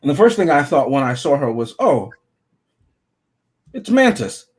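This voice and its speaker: A man's voice: medium pitch, sing-song, normal speed, breathy edge. A man co-hosting a casual podcast chat, rambling and joking as he talks. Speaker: podcast co-host.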